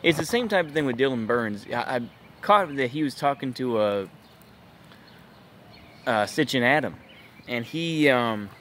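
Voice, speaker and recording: A man's voice: mid-range voice, expressive, unhurried, pauses often, fairly bright tone, slight background noise. A man hosting his own channel, ranting in an exasperated, incredulous way and leaning on fillers. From United States. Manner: exasperated, incredulous, lots of filler like "it's just like" and "bruh". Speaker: channel host, political commentator. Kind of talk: ranting vlog commentary.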